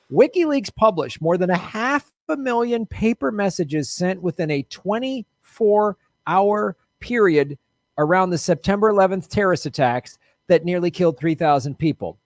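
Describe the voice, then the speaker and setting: A man hosts a podcast in a loose, jokey, profane way, chatting about politics and reading news items aloud. His voice sits slightly high for a man. The sound is dry. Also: dry recording. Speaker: podcast host. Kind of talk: casual political chat.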